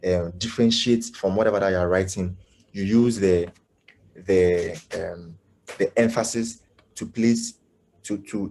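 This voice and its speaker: A man teaching web development in a live online class. He speaks haltingly, with many fillers, and keeps checking whether his students understand. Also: on the low side, a little mellow, slight background noise. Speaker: coding instructor. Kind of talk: live online coding lesson.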